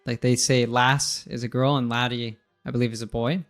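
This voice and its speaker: A man explains pronunciation in a casual, friendly chat and laughs easily. His pitch sits in the middle range. Faint music plays underneath. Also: level tone, normal speed. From United States. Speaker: English teacher.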